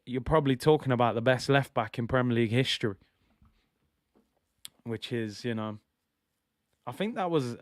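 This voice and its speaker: A young man chatting through a live football watch-along, excitable and nostalgic, full of slangy banter. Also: medium pitch, clean tone, no room sound, studio quality.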